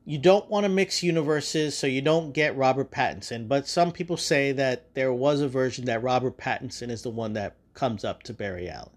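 A man's voice: mid-range voice, brisk, hardly any pauses. A man hosting a podcast, casually retelling a movie's plot in a rambling, profane way. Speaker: podcast host. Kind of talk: casual spoiler review.

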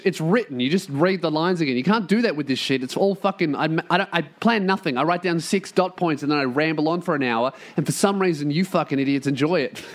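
A man hosting his own podcast, rambling casually and profanely with self-mocking jokes, recorded in a room at a shared workplace. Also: a little high. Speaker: podcast host.

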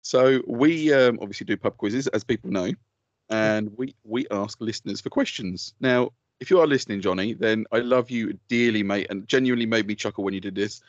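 A man's voice: lowish voice, fairly quick, no echo, dull audio. A man co-hosting a podcast, ranting in mock anger and swearing constantly in casual banter. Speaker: podcast co-host.

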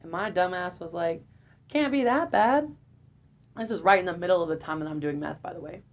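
Animated, swearing young woman telling a story. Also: on the low side, fast. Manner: animated, profane, laughing. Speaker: guest. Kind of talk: casual storytelling. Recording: dull lo-fi audio.

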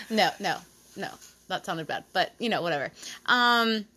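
A woman hosts a podcast, casually chatting and joking with friends around a table and laughing often. Her voice is medium in pitch with a sharp tone.

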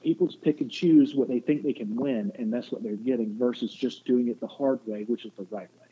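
A man's voice: medium pitch, brisk, breathy edge. A man in a casual faith discussion, talking in long rambling runs and acting out quotes. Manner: rambling, restarts often, acts out quotes. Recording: muffled phone-like line with faint noise.

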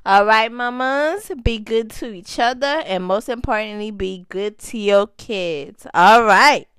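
A woman's voice: a little high, measured pace, a bit bright, smooth, no echo. A young woman hosting a casual chat podcast for mothers, chatty and laughing, stretching out phrases for emphasis. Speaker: podcast host.

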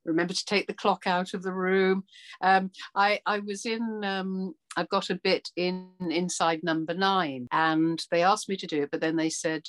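An actress chatting casually, telling animated stories and acting out what people said. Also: female voice, on the low side, normal speed. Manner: animated storyteller, acts out quotes, laughs often. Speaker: actor. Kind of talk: casual chat.

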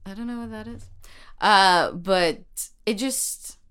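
Smooth-voiced woman chatting playfully about films. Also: mid-range voice, fairly bright tone. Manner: playful, quick jokes, frequent fillers. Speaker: podcast co-host. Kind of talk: casual movie discussion.

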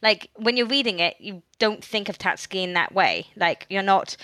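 A woman's voice: medium pitch, moderate pace, dry recording. Chatty woman podcast co-host. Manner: chatty, animated, restarts sentences. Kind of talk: casual chat.

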